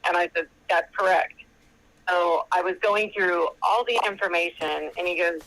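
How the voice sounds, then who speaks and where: A woman's voice: lowish voice, normal speed, a bit bright, poor audio. Chatty woman caller on the phone. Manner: chatty, storytelling, quotes others at length. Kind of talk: retelling a conversation on a call-in show. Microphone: phone call.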